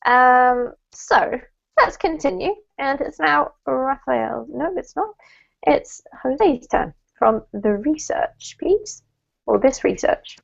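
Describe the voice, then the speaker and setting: A woman's voice: high voice, lively intonation, takes it slowly, vocal fry, lo-fi sound. A woman teaching English pronunciation in an online class, praising students and correcting their word stress.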